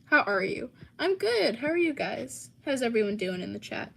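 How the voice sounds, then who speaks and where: A woman's voice: a little high, big pitch swings, normal speed, creaky, slight background noise. A young American woman hosting a casual livestream and answering chat, with lots of ums and likes. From United States. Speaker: livestream host.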